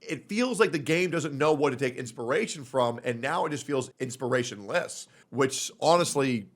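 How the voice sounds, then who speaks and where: A man's voice: medium pitch, lively intonation, normal speed. A young man streaming a reaction, talking casually and bluntly, swearing often and ranting heatedly about a game.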